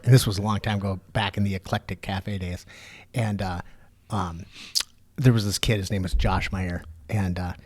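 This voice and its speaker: A man's voice: on the low side, a little mellow. A man hosting a podcast, chatting casually and telling stories with lots of swearing. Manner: swearing storyteller, acts out voices in his stories. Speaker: podcast host. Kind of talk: casual chat.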